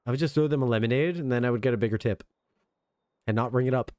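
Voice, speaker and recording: A man streaming a game, chatting in an excitable, rambling, self-mocking way from a home setup. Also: medium pitch, fast talker, dry recording, clean studio sound. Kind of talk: casual game stream commentary.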